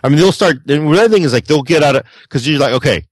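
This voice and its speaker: A man's voice: on the high side, racing, no echo. A man co-hosting a casual podcast, telling stories with lots of acted-out voices and frequent swearing. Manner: animated storyteller, acts out quoted people, swears freely. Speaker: podcast co-host.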